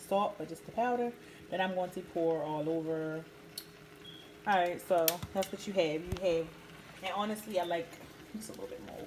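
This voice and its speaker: A woman's voice: medium pitch, darkish tone, a little hiss or hum. A woman chatting her way through a casual cooking tutorial, talking straight to her viewers. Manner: chatty, talks to viewers as "guys". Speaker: home cook vlogger. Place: home kitchen.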